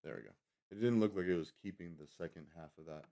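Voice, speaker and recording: A man's voice: low-pitched, quick pace, gravelly, mellow. Rambling man hosting a livestream. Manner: rambling, lots of fillers and self-corrections. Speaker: livestream host. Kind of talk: casual livestream chat.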